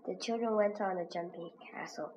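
A woman slowly reading a children's reader aloud as a lesson, pronouncing each word with care. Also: lowish voice. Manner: slow, careful, clearly pronounced. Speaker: reading teacher. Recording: dull lo-fi recording with faint hiss.

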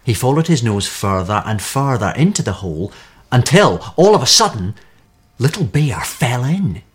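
A man reading a children's story aloud with expressive, animated storytelling. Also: medium pitch, moderate pace, breathy edge.

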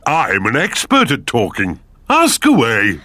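A man's voice: medium pitch, wildly swooping pitch, measured pace, sharp tone, dry recording, full character voice. A man voicing a bumbling, somewhat pompous pig father in a cartoon. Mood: jolly. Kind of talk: cartoon voice acting.

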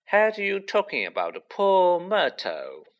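A man voicing a mischievous male poltergeist in an audiobook reading, with sly, drawn-out teasing. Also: sits high, huge pitch swings, pitched above the performer's own voice, heavily acted.

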